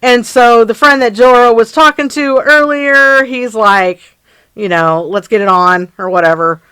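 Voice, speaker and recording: Woman co-host, relaxed movie-recap chatter, easygoing and agreeable, slightly high voice. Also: measured pace, clear, resonant tone, no echo, low-quality recording. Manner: laid-back, agreeable, lots of "right" and "yeah". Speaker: podcast co-host. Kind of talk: casual movie recap chat.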